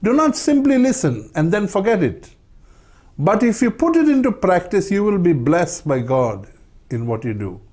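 Man preaching with lively rising emphasis. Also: high-pitched. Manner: emphatic, rising on key words, quoting scripture. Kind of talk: sermon.

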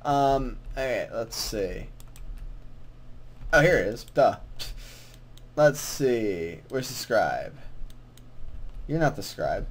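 A man's voice: mid-range voice, big pitch swings, slow, long pauses. A young man casually commenting while playing a quest, rambling and self-mocking, often confused. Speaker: gamer playing through a quest. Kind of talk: casual let's-play commentary.

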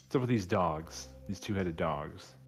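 A man's voice: low voice, animated, a little slow, faint music behind. A man playing a tabletop game, reacting in character with bewildered swearing and jokes. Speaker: player.

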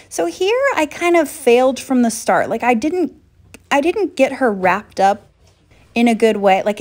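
Wry, joking young woman vlogger. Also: fairly high pitch. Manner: wry, deadpan jokes with sudden excited rises. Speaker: pet vlogger. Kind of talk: casual voice-over tutorial.

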